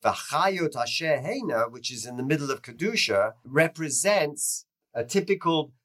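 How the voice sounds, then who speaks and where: A man teaching through a lecture that tells a story, with lively swings in pitch and loudness. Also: a little slow. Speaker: teacher of Jewish history.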